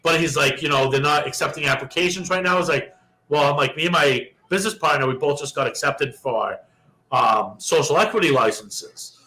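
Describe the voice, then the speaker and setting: Casting: young adult male co-host, a bit high and very bright, profane, animated storyteller. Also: brisk, poor audio. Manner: profane, animated storyteller who acts out quoted dialogue. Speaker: podcast co-host. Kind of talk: casual storytelling chat.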